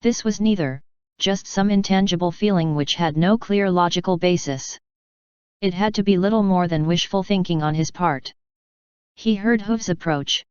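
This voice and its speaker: Very clear-voiced woman reading a story. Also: fairly low pitch, normal speed, darkish tone, no room sound. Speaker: fanfiction reader. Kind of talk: audiobook narration. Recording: dull lo-fi dry recording.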